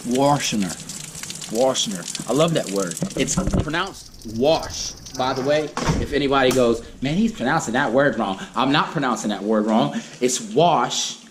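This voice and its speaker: A man's voice: mid-range voice, lively intonation, moderate pace, hardly any pauses, reverberant. A young man with a Southern American accent, casually rambling to his vlog camera at home, recorded on a noisy camera mic. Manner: easygoing, rambling. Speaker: vlogger.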